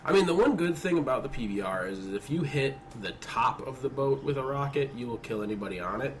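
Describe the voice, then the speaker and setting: A man's voice: medium pitch, lively intonation, fast, slight background noise. A man with a cold and a nasal-sounding voice, joking around while co-commentating a shooter match. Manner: joking, teasing banter. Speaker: gameplay co-commentator. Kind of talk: casual gaming commentary.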